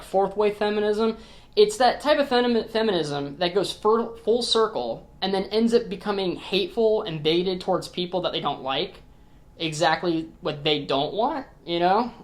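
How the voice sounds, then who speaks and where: A man reviewing a film on his own channel in a casual, blunt rant, often swearing and restarting words, leaning on "like" and "you know what I mean". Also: high-pitched. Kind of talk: casual opinion rant to camera.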